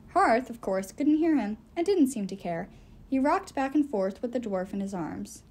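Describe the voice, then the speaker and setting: A woman reading a novel aloud as the first-person narrator, in an expressive storytelling way. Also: mid-range voice, normal speed. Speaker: audiobook reader.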